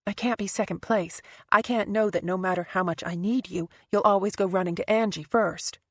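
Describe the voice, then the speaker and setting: A woman's voice: mid-range voice, fairly even intonation, brisk, fairly bright tone, no echo, clean studio sound, lightly acted. A woman reading an audiobook and voicing an earnest, vulnerable woman who speaks directly. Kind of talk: audiobook character voice.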